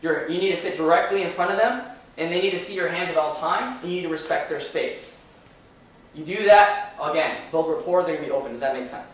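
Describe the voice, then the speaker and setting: An energetic man trains a room of salespeople, firing rhetorical questions at his audience. His voice sits high and he talks fast. He is recorded from far off in a very echoey room. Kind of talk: live training seminar.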